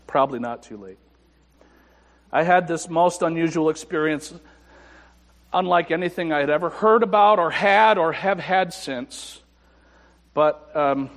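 A man preaching a testimony sermon, his voice sitting slightly high for a man. He drops to quiet, hushed stretches and then lifts into emphatic lines. The sound carries the long reverb of a church sanctuary. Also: unhurried, long pauses. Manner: personal testimony, shifts between quiet and emphatic. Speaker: pastor. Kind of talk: sermon storytelling.

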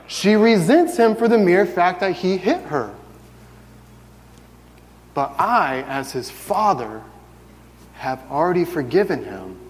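A man in his thirties preaching a sermon, telling stories with lively acted-out voices. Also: sits high, slow pace, long pauses, in a large hall, slight background noise. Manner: animated storytelling, acts out family scenes.

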